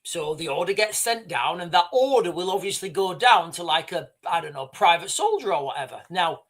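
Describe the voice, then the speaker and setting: A man's voice: high-pitched, lively intonation, brisk, fairly bright tone. A man hosting a livestream, talking viewers through speculative scenarios in a rambling, casual way. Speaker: livestream host.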